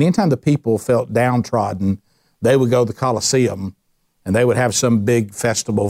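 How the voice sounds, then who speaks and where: A man with a drawl leads an informal Bible study at an average pitch. He talks with lively energy, stumbles and restarts his sentences, and mimics others with sarcasm. The recording is dry and close, with no room echo. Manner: animated, with frequent restarts and sarcastic quoted asides.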